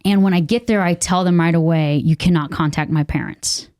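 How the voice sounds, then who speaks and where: A woman's voice: fairly low pitch, a little fast, a little mellow, clear, resonant tone, no room sound, studio quality. A young adult woman from Texas, a podcast guest, telling a candid personal testimony with many fillers and acted-out quotes. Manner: earnest, candid, many fillers, acts out what people said.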